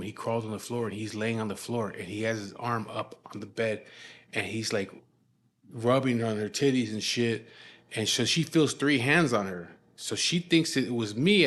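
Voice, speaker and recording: A man's voice: medium pitch, normal speed, fairly bright tone. A man with a Chicano English accent telling a rambling, profane story from his past in casual speech, full of fillers and restarts.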